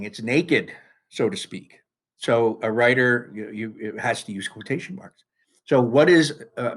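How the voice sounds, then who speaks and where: Guy teaching a lesson, mid-range voice, walks the class through a worksheet. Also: mid-range voice. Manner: talks students through a worksheet, with restarts and lively emphasis.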